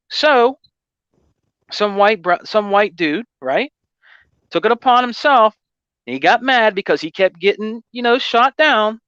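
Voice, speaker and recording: A man with a high-pitched voice tells a gaming story in loose, rambling casual chat, leaning on "you know what I mean" and "man". The recording is dry and close, with a slightly dull, muffled tone. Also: expressive, unhurried, long pauses, fairly bright tone, clean tone, no room sound. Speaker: gaming channel host.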